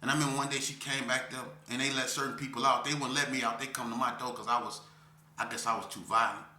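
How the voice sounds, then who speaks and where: A man telling an emotional story of his past as an interview guest, talking intensely in street slang and repeating himself, swinging from near shouts down to a low voice. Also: flat delivery, fast, roomy sound, slight background noise. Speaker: interview guest recounting prison life.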